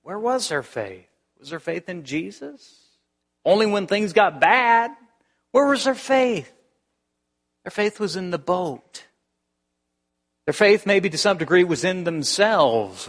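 A man's voice: high voice, animated, slow, pauses often, a bit bright. A male pastor preaching a sermon in a conversational way, restarting phrases and firing rhetorical questions. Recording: long hall reverb.

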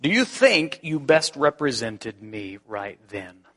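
A man speaking as God's quiet inner voice. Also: medium pitch, big pitch swings, slow pace, no room sound, full character voice. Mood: questioning. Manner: quiet, gently questioning. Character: calm, probing inner voice of God.

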